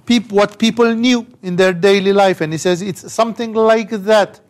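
A man's voice: sits high, fairly even intonation, normal speed. A man giving a conversational scripture commentary with emphatic rhetorical asides. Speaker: spiritual teacher.

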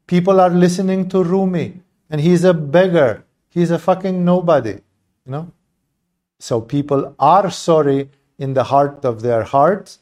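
Spiritual teacher, male, mellow warm tone, impassioned and blunt, swears, rhetorical asides. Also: on the high side. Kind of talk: satsang talk on poetry.

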